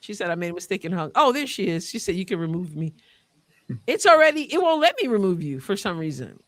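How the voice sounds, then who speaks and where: A woman hosts a live call-in sports stream with a bright, forceful voice. The sound is dry and close, and she talks in a chatty way, repeating words while she reads comments. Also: lowish voice, sing-song, quick pace, no echo. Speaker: host.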